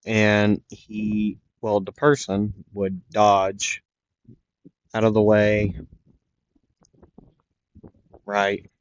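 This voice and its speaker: Tired, hesitant male storyteller; slow and low, muffled dry lo-fi sound. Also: level tone, clean tone, no room sound. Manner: rambling, hesitant, apologetic. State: tired, yawning. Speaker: fan storyteller. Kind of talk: improvised fan fiction narration. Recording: dull lo-fi dry recording.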